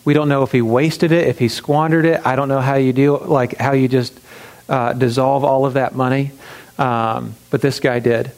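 A man preaches at an ordinary middle pitch, telling the story casually with "um"s and restarts. He hammers his key points home through repetition. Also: fairly even intonation, normal speed, darkish tone, low-quality recording. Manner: conversational storytelling with emphatic repetition; frequent fillers and restarts. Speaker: pastor. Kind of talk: sermon.

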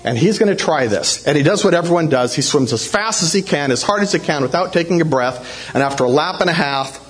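A man with a fairly high voice tells a personal story to a congregation. He is animated and acts out shouts in a raised voice. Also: brisk. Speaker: church speaker telling a testimony.

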